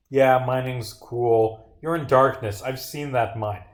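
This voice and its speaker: A man's voice: medium pitch, slow, hardly any pauses, reverberant. A young man casually chatting and ranting while he plays a game on a livestream, sarcastic and profane. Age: young adult. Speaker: streamer.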